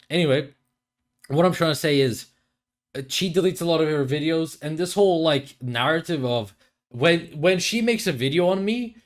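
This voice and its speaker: A young man with a slightly raised pitch rants through a reaction commentary from his desk mic, swearing freely and mocking the other side with sarcasm. He restarts his sentences often, tripping over words mid-thought. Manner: stammering restarts. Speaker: commentary video creator. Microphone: headphones and desk mic.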